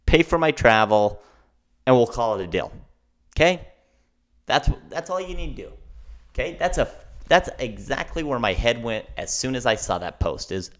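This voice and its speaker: A young man hosting a casual solo podcast, rambling and excitable, calling himself a fast talker. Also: medium pitch. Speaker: podcast host.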